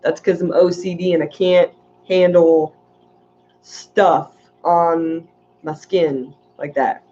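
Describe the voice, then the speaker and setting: A woman's voice: lowish voice, fairly even intonation, slow pace, mellow, dull audio, slight background noise. A woman hosting a casual livestream, chatting in a rambling way and reading viewer comments aloud. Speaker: aquarium channel host.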